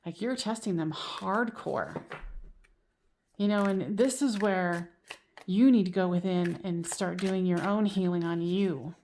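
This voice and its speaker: With a fairly low, mellow voice and a somewhat slow pace, this tarot reader does a casual card reading on camera amid slight background noise. Her tone is warm and chatty, peppered with "you know" and "like."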